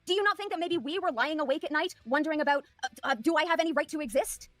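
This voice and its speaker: Bitter, fast-talking accusing woman. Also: high voice, a bit bright, no echo, soft background music. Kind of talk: angry callout.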